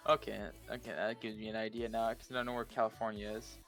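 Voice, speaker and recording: A man's voice: fairly low pitch, flat delivery, fast, fairly bright tone, soft background music. A man from Alberta chatting on a stream, rambling, profane and easily sidetracked. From Alberta, Canada. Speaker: stream co-host. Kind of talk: casual stream chat.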